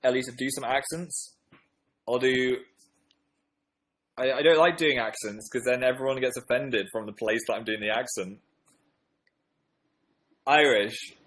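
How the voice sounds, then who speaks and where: A man's voice: medium pitch, moderate pace, long pauses, fairly bright tone, poor audio. A young man hosting a casual livestream, reading viewer comments in a playful, self-deprecating, rambling way. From northern England. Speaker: livestream host.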